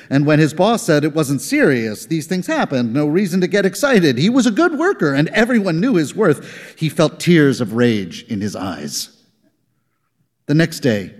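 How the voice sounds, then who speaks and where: Male reader, live story reading, measured and dry, long hall reverb, mid-range voice. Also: mid-range voice, a little mellow.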